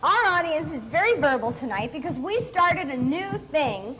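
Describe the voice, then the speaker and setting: A woman's voice: high-pitched, big pitch swings, low-quality recording. A middle-aged woman co-hosting a comedy cooking show, bantering and teasing her partner while she stirs. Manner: playful, teasing, quick comebacks. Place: TV studio kitchen with live audience.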